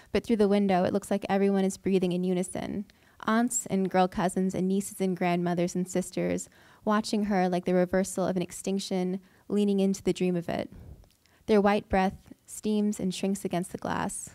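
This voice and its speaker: A woman, a fiction writer, reading her own prose aloud at an event with measured, deliberate delivery. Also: mid-range voice, mellow, no room sound. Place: event hall.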